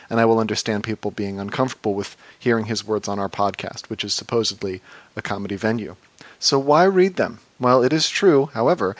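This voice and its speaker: A man with a Midwestern accent, a podcast co-host delivering a mock-serious comedic monologue in a deadpan way. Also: on the low side, no echo.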